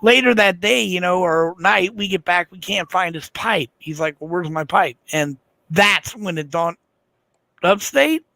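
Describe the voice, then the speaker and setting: Male stream host, high and gravelly, loose profane storyteller; dry close mic. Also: a little slow, sharp tone, no echo. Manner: profane, rambling, laughing storyteller. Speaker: livestream host. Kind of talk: casual late-night chat.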